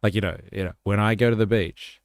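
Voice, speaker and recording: Deep gravelly Australian man streaming. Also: steady tone, fast, no room sound, studio quality. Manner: rambling, swears casually. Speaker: livestream host. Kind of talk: casual commentary stream.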